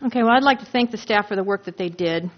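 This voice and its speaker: A woman's voice: mid-range voice, fast. A woman in her sixties speaking earnestly and emphatically as a board member at a public meeting, asking rhetorical questions. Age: 60s. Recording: dull lo-fi meeting recording.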